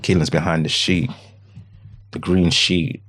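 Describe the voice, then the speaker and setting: Deep-voiced man telling a painful story. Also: little pitch movement. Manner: halting, repeats phrases, quotes his own words; often drops to a hushed, low voice. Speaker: podcast guest. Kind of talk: emotional personal account.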